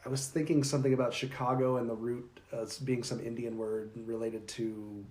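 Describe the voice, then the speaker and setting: A man's voice: medium pitch, flat delivery, moderate pace, darkish tone. A man co-hosting a podcast with his wife, bantering playfully and joking in casual chat. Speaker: podcast co-host.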